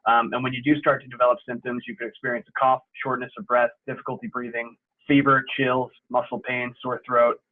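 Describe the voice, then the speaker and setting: A young adult man giving a relaxed, explanatory safety talk over a video call, with frequent fillers. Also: mid-range voice. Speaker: sports medicine presenter. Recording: tinny phone-like call audio.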